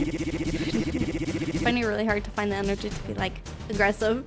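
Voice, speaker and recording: A woman streaming a story game, reading it aloud with soft, giggly, rambling asides. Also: mid-range voice, moderate pace, over loud music. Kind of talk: let's play commentary.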